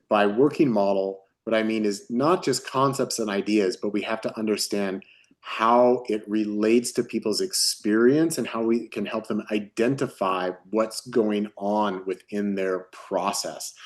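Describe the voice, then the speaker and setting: A man's voice: fairly low pitch, a little mellow. A man presenting a training webinar, explaining at a desk and running through long strings of questions. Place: at a desk with a pen in hand.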